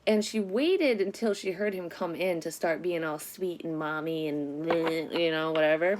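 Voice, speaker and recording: A woman casually telling a personal story to camera, candid and animated, with frequent swearing. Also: lowish voice, moderate pace, a little hiss or hum.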